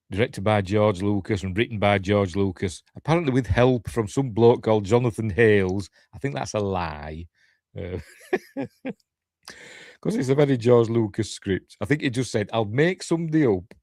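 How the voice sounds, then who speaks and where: A man's voice: on the low side, a little mellow, dry recording, studio quality. A tired man with a Yorkshire accent hosting a casual live stream, rambling and self-deprecating with chuckling asides. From Yorkshire, England. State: tired, yawning. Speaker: YouTube host.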